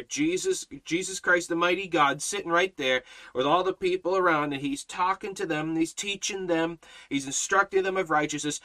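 A man's voice: sits high, bright, forceful tone, rough recording. A man teaching a Bible study in a sermon style, emphatic, repeating phrases and restarting often.

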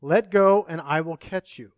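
A man voicing God as a calm male voice from above, speaking quietly and reassuringly. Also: on the high side, unhurried, dry recording, muffled recording, close to an everyday voice.

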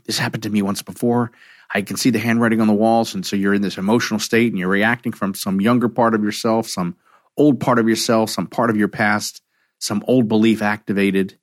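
A man's voice: lowish voice, a little fast, no echo, studio quality. A middle-aged man, a counselor, talking reflectively about emotional triggers and acting out quoted conversations. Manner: animated storyteller, acts out quoted dialogue.

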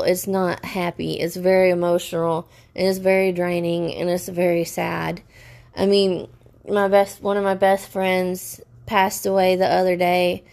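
A woman venting in a personal vlog rant, upset and stressed, talking haltingly with many restarts. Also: lowish voice, creaky, darkish tone. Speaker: vlogger.

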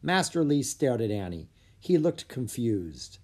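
A narrator reading a children's storybook aloud with clear, lively storytelling. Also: mid-range voice, unhurried. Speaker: audiobook narrator.

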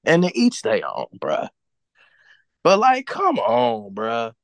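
A man's voice: medium pitch, huge pitch swings, slow pace, vocal fry, dry recording. A man co-hosting a podcast, ranting bluntly and cursing freely in casual chat. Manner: blunt, profane, heated ranting. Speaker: podcast co-host.

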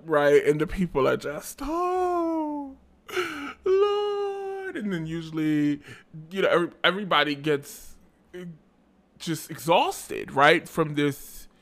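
A man hosting a podcast, telling stories in a chatty, animated way with playful asides, tired and yawning. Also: on the high side. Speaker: podcast host. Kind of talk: casual chat.

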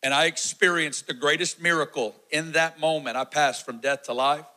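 A man in his forties delivering a sermon testimony with a bright, forceful voice that sits a little high. He tells his story with animated energy, acting out the shouts and quoted lines. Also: moderate pace, low-quality recording. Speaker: preacher.

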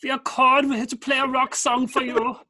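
A man's voice: very high voice, little pitch movement, brisk, bright, forceful tone, dry recording, clean studio sound, voice pushed up, heavily acted. A man hamming up a mock German rock frontman. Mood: hammy. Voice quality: exaggerated mock German accent.

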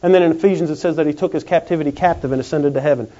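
A man preaching a sermon in a folksy, animated way. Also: on the high side. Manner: folksy, animated, acts out quick comic voices. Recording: dull lo-fi recording.

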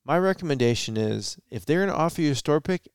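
A man from Michigan co-hosting a casual podcast chat, talking in a measured, deliberate way. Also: on the high side, expressive, clean tone, no echo, clean studio sound. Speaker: podcast co-host.

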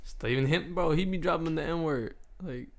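A young American man in casual chat, relaxed and storytelling, who laughs easily. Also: a little high, fairly quick, gravelly. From United States.

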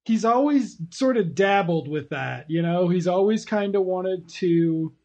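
A man's voice: high voice, expressive, measured pace, a little mellow, highs cut off. A man co-hosting a casual comics podcast, laid-back and hesitant, often trailing off. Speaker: podcast co-host. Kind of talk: casual chat about comics.

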